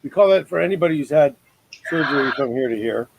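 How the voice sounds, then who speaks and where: A man's voice: fairly high pitch, animated, quick pace, gravelly, muffled recording, slight background noise. Rambling man hosting a web show. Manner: rambling, joking, many fillers. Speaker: talk show host. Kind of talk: casual online talk show chat. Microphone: video call.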